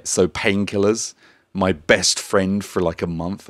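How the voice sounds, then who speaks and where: A man's voice: low voice, slow, dry recording, studio quality. A young man co-hosting a language-lesson podcast, telling stories animatedly and often laughing. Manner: animated storyteller, laughs often, acts out voices. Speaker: podcast co-host. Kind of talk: casual language-lesson chat.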